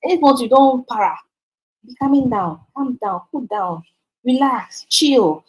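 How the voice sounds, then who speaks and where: A woman's voice: on the high side, expressive, a little slow, low-quality recording. A woman with a Nigerian accent teaching a sales training, emphatic and repeating words for stress. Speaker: sales coach.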